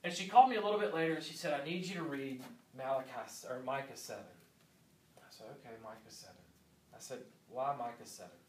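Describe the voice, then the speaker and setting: Recorded far from the mic in a reverberant church sanctuary, this thirty-something pastor speaks quickly in a mid-range voice with a darkish tone. His sermon is earnest, and he keeps returning to key lines for emphasis.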